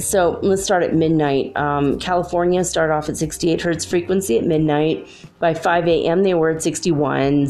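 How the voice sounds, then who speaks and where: A woman's voice: low voice, gravelly, a little mellow. A woman vlogging casually from her room, chatty and rambling. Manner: rambling, chatty, uses "like" often. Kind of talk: casual spiritual vlog commentary. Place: her room at home, alone.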